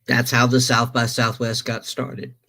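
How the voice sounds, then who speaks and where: Slow, rambling male storyteller. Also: mid-range voice, completely flat delivery, vocal fry, sharp tone. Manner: rambling, many restarts and self-corrections. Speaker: stream host telling a story. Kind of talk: casual storytelling.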